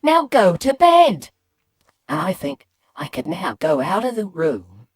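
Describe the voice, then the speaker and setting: A woman animatedly telling a comic childhood story, shifting from hushed asides to loud excited bits. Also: low-pitched, slightly rough, dry recording, clean studio sound. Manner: lively, swings between hushed and loud bits.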